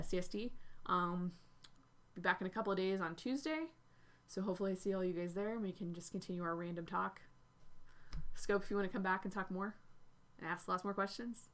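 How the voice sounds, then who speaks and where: A woman's voice: mid-range voice, a bit bright. A woman hosting a writing livestream, talking casually and encouragingly to her chat with frequent restarts. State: out of breath. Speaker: livestream host.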